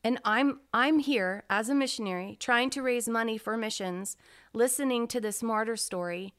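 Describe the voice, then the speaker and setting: A woman's voice: a little high, normal speed, fairly bright tone, clean tone. A middle-aged woman co-hosting a faith podcast, telling a story earnestly with many restarts. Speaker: podcast co-host. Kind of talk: casual faith podcast talk.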